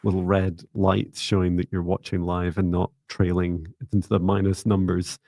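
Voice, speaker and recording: A man with a gravelly, slightly low voice hosts a live psychic reading stream. He talks calmly and reassuringly and calls out to viewers by name. The sound is close and dry. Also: moderate pace, no echo. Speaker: psychic reader, livestream co-host.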